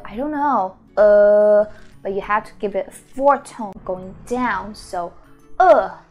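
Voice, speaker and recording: A woman, the founder and teacher of a Mandarin school, giving a beginner lesson and sounding out each syllable slowly and repeatedly. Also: medium pitch, a little mellow. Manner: slow, drawn-out model pronunciations with repeated syllables.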